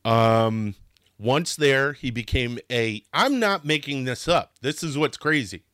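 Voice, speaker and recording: A man's voice: mid-range voice, lively intonation, a little slow, fairly bright tone, dry recording. Passionate man narrating history, dry sound. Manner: passionate, gets worked up, swears, restarts sentences. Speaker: history podcast host.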